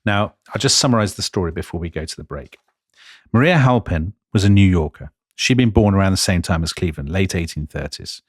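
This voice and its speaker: A man co-hosting a history podcast in a lowish voice. He tells the story with lively, emphatic swings of pitch on key points. The sound is dry and close. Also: brisk, no echo. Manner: animated, emphatic, jumps in pitch for stress. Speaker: podcast co-host.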